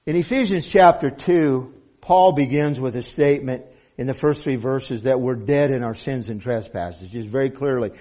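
A man's voice: mid-range voice, moderate pace, dark tone. Earnest male pastor preaching. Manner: earnest, with frequent repetitions and restarts. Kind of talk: sermon. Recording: dull lo-fi recording.

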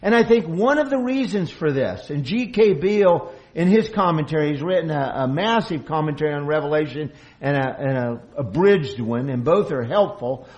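Brief: male pastor, slightly higher voice, earnest sermon delivery with restarts. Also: poor audio. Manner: earnest, restarts phrases, acts out quoted boasts loudly. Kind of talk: expository sermon.

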